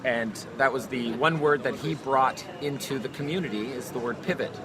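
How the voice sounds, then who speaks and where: A man co-hosting a podcast in animated casual chat outdoors, repeating phrases for emphasis. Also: medium pitch, moderate pace. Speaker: podcast co-host. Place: busy city street outdoors. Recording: outdoor street crowd noise. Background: passing crowd and traffic.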